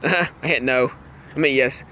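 A young man casually chatting with viewers on a livestream while playing a phone game, excitable and laughing often. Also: mid-range voice, unhurried, a little hiss or hum. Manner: excitable, laughs a lot, greets chat viewers. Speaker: livestream gamer.

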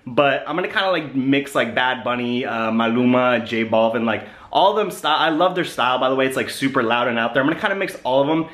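A man's voice: medium pitch, animated, fast talker, hardly any pauses, a bit bright. Rambling young man vlogging to camera. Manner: rambling, lots of "like" and "kinda". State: has the hiccups. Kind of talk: casual vlog chat to camera.

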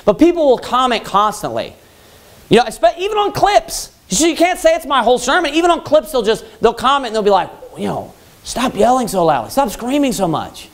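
A man preaching a Baptist sermon loudly and emphatically, repeating his points and rising to yelling. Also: extremely high pitch, big pitch swings, fairly quick. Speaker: pastor.

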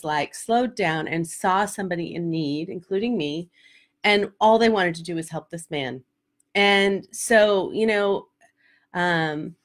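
Speaking directly to camera in a casual vlog, a middle-aged woman who works as a life coach shares a story candidly, sometimes tearfully, and with lots of fillers. Her voice is mid-range with a fairly bright tone.

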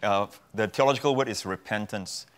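A man's voice: fairly low pitch, brisk, fairly bright tone. A man, a pastor, preaching as a guest in a television studio interview, with emphatic repetition of key phrases. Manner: emphatic, repeats phrases for effect. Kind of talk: preaching in a talk show interview.

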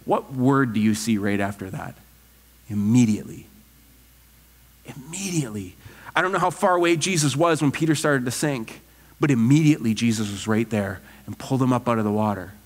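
A man, a pastor, preaching an earnest, animated sermon full of rhetorical questions. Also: mid-range voice, brisk, big-room sound. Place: church sanctuary.

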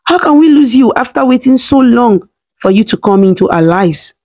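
A woman's voice: fairly high pitch, lively intonation, normal speed, a little mellow, voice pushed up. A woman voicing a grieving elderly grandmother who weeps and pleads for her grandchildren. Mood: weeping. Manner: weeping, pleading.

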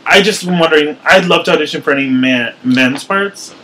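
A man's voice: on the high side, fairly quick, pushed and bright, low-quality recording. A young man playing an eager, hesitant actor at an audition, stammering through questions in a comedy sketch.

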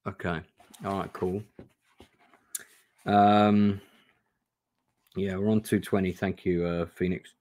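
A man's voice: low voice, level tone, slow, pauses often, a little mellow. A man streaming a gamebook play-through from home on camera, reading aloud casually, swearing and chatting to viewers. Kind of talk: live reading and casual chat. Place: home room.

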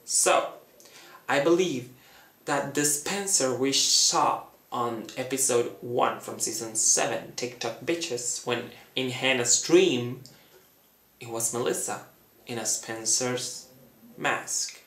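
A man talking through a fan theory in a chatty, dramatic way, acting out quotes in a high voice. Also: slow pace, fairly bright tone, reverberant. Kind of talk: casual fan theory talk.

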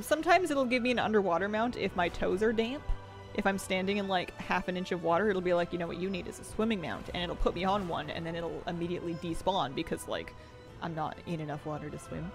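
A game streamer chatting casually on a live stream, giggling often and reading out chat messages. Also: mid-range voice.

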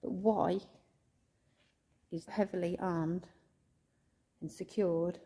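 A woman ghost hunting in a church, softly pleading and coaxing as she calls out to a spirit, at times emotional. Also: lowish voice, steady tone, takes it slowly, slightly rough. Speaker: ghost hunter vlogger. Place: inside a church.

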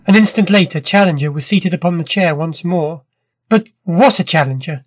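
A man reads a classic short story in a measured, vivid first-person style. His voice sits high for a man and sounds dry and close, with no room echo. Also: faint music behind. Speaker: narrator. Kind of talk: scripted storybook narration.

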